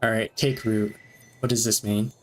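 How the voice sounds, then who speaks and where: A man streaming a game, reading its dialogue aloud between quick reactions and frequent laughs. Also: on the low side, little pitch movement. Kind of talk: let's-play commentary reading game text aloud.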